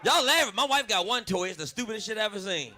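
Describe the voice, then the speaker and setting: A man performing stand-up into a handheld mic, his voice pitched high and very bright. He works the crowd loudly with a lively, bouncing pitch. Faint club noise sits underneath. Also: quick pace. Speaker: stand-up comedian. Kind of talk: stand-up routine.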